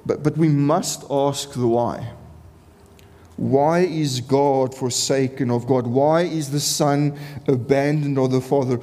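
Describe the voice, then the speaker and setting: Impassioned slow-preaching man in a hall. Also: mid-range voice, steady tone, warm tone. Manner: earnest, impassioned, repeats phrases for emphasis. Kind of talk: sermon. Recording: long reverb of a large hall.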